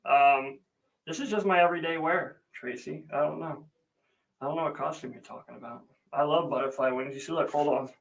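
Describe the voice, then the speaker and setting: A man's voice: a little high, fairly quick, gravelly, low-quality recording. Chatty man rambling through a livestream. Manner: rambling, chatty storytelling with many fillers; greets viewers by name between stories. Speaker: livestream host. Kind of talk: casual live chat.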